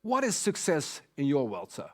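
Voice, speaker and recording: A man's voice: a little high, huge pitch swings, moderate pace, a little mellow. A man moderating a virtual leaders' panel, courteous and using frequent fillers. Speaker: event moderator.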